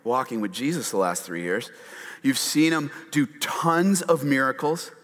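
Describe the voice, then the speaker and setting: A male pastor preaching a sermon, animated and often acting out quotes in a raised voice. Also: mid-range voice, unhurried. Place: church hall with slides on a screen. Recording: long hall reverb.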